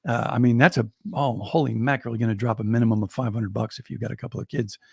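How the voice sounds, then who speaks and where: American guy spinning a yarn on a podcast, lively and chuckly, kinda raspy. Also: medium pitch, quick pace, no echo, studio quality. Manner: lively, chuckling, builds excitement as he tells it. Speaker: storyteller. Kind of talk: telling a personal anecdote on a podcast.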